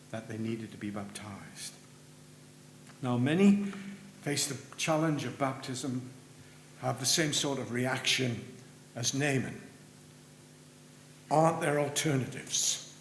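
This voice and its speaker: A man preaching a sermon in a church, earnest, rising for emphasis and dropping low at the ends of phrases. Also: a bit bright. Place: church sanctuary. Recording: roomy church with faint hum.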